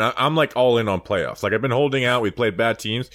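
A man hosting a casual sports podcast, talking in an excitable, chatty fan manner. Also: medium pitch, a little fast, no room sound, studio quality. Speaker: podcast host.

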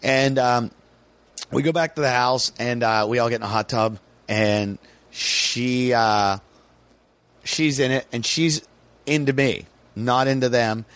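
A man's voice: medium pitch, measured pace, clean tone, no echo. American man telling a story animatedly. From United States. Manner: animated, acts out voices in his story. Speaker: comedian guest. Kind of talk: casual podcast storytelling.

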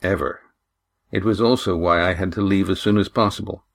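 A man reading an audiobook, voicing a weary, guarded young man who answers in low, clipped sentences. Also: fairly even intonation, brisk, gravelly. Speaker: audiobook reader voicing a character.

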